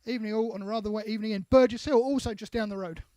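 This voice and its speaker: Very high-voiced man reading comments. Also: steady tone, very fast, mellow, dry recording. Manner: chatty, reads out names with asides. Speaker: co-host reading viewer comments. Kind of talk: casual live-stream chat.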